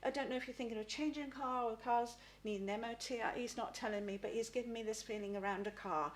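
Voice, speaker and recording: A middle-aged woman giving a live spirit reading as a psychic medium. She talks haltingly, repeats words and often asks "please?". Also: a little high, fairly even intonation.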